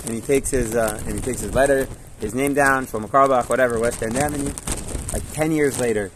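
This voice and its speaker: A man of ordinary pitch tells stories in a Torah class, loose and chatty, often checking that his listeners follow and slipping in Hebrew and Yiddish words. He is recorded outdoors, with a clear layer of steady noise behind him. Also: a little fast. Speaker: Torah teacher.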